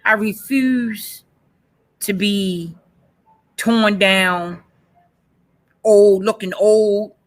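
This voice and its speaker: A woman's voice: medium pitch, steady tone, extremely slow, pauses often. A woman in her forties speaking earnestly about her own life. She talks emphatically and repeats her key phrases. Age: 40s. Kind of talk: personal testimony in a panel session.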